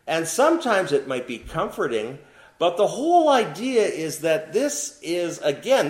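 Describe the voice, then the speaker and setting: Guy preaching a sermon, voice swings up and down a lot, echoey church room. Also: on the high side. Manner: animated preaching with rhetorical questions to the congregation. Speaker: pastor.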